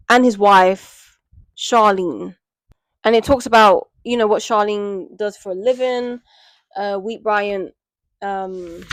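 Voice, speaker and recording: A woman's voice: medium pitch, no echo, poor audio. A British woman chatting casually through a book review, with plenty of fillers and asides. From Britain.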